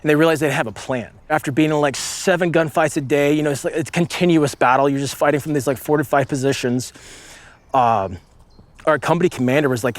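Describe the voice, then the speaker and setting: A man in his late thirties, a former marine sniper, telling a story in casual conversation, rambling with lots of "like" and acting out shouts. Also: fairly high pitch, fairly quick, no room sound. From United States. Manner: rambling, with many "like" fillers and vivid acted-out shouts.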